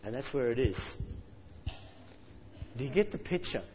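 A man preaching a sermon, chatting to the congregation with asides and reading scripture aloud, slowing down for emphasis. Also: medium pitch, animated, slight background noise. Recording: dull sound with long reverb in a hall.

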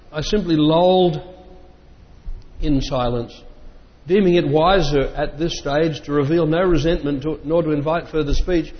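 Male reader, measured delivery with casual asides; fairly high voice, long hall reverb. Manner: measured reading voice, breaks off for plain remarks. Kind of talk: reading a memoir aloud with spoken asides. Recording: dull lo-fi sound with long reverb.

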